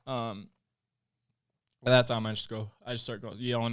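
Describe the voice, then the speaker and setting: A man's voice: medium pitch, level tone, quick pace, clear, resonant tone, dry recording. A man in his late twenties from Utah, a podcast guest telling a personal story in casual conversation, candid and plainspoken, with frequent swearing. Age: late 20s.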